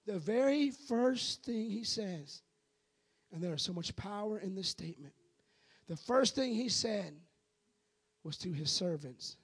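A man preaching a sermon, swinging between shouted climaxes and hushed, pleading passages. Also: high voice, a little slow, long pauses, slightly rough. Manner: builds to shouting, then drops to a hushed, pleading tone.

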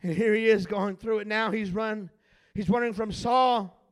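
A male pastor preaching a sermon, filling his pauses with "uh" and swinging from hushed tones to shouting. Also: sits high, steady tone.

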